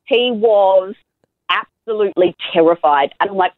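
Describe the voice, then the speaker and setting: A woman's voice: medium pitch, fairly quick, dry recording. A woman in her thirties with an Australian accent, chatting casually as a podcast co-host and telling stories with laughs. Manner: chatty, animated storytelling with laughs. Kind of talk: casual chat. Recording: tinny phone-like line.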